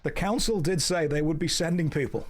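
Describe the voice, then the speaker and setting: A man streams a game and chats casually. He jokes dryly and answers his chat, his voice sitting a touch high. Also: fairly quick, a little hiss or hum. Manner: dry, joking, answers chat. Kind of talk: casual chat while gaming.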